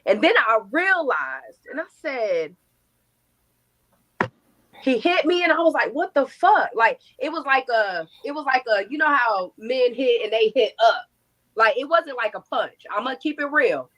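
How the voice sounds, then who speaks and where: A young adult woman telling her own story in an interview, animated, acting out quotes and swearing freely. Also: a little high, a little slow, rough recording.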